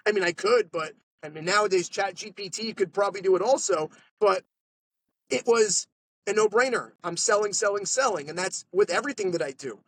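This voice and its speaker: A man, a podcast guest telling sales stories in a lively, animated way. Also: high voice, low-quality recording. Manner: animated salesman storytelling, quick asides. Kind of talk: casual storytelling interview. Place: podcast studio.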